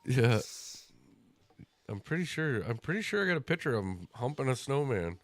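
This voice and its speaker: A man's voice: mid-range voice, sing-song, normal speed, dry recording, faint music behind. A man hosting a casual livestream and chatting while he watches a hockey game, telling crude stories with a joking manner. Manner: joking, tells crude stories, laughs often. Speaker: livestream host.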